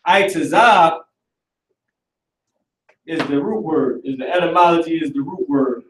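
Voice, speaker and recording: A talkative male teacher leading a casual online class, narrating each step as he clicks through. His voice sits slightly high, and the recording is roomy and set back from the mic. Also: measured pace, distant mic, a little hiss or hum. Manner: animated, talkative, works through the screen aloud.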